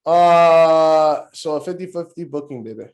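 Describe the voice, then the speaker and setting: A man's voice: a little high, a little slow. A man co-hosting a podcast, casually reviewing wrestling and ranting with a lot of swearing. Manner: profane, rambling, animated ranting. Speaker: podcast co-host.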